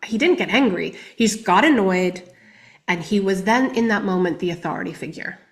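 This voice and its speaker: A woman giving candid personal testimony as a guest on a podcast interview, reflective and often speaking quietly. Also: medium pitch, animated, brisk.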